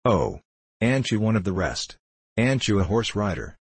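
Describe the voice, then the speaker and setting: Man doing a servile pleading schoolboy, low-pitched, dry close sound, audiobook. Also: sing-song, moderate pace, slightly rough, no room sound, heavily acted. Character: schoolboy informer, pale, eager, whining.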